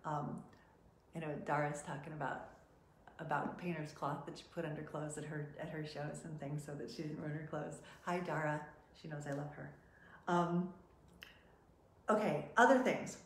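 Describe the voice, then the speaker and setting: Middle-aged woman agent teaching about runway, chatty, lowish voice, echoey room. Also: moderate pace, a little hiss or hum. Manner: chatty, animated, acts out quotes from clients. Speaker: modeling and talent agent. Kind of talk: casual teaching talk.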